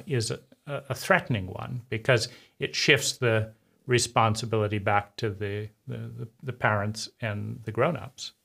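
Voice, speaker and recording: A man giving a personal testimony about his past, talking in a bitter, intense way with halting pauses and repeated words. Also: on the low side, creaky, sharp tone. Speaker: trauma survivor speaking to camera.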